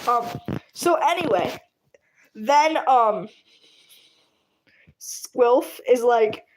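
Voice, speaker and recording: A woman's voice: on the high side, extremely slow, long pauses, a little mellow. A woman telling a fan story casually while drawing, giggling and rambling with lots of fillers. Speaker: channel host.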